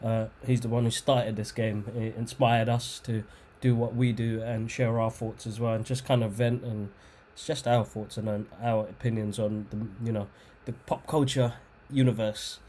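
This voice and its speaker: A man's voice: medium pitch, little pitch movement, moderate pace, mellow, a little hiss or hum. A man hosting a podcast, laid-back and casual, giving short replies and plugging the show's social media. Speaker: podcast host.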